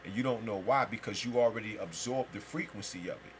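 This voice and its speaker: A man's voice: lowish voice, brisk, a little hiss or hum, poor audio. Man in a rambling, profane spiritual monologue. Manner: rambling, emphatic and profane, with heavy slang. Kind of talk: free-flowing spiritual monologue.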